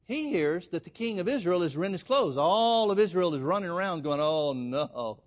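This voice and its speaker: Brisk and lively in intonation, this high-voiced man delivers a sermon as emphatic storytelling. He addresses his congregation as folks while he tells the story.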